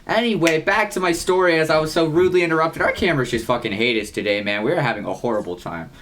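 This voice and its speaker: A young man co-hosting a podcast. He tells a long, rambling story in casual chat, swearing freely and saying "like" constantly, with excited jumps in pitch. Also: quick pace. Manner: rambling, heavy use of "like", frequent swearing. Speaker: podcast co-host.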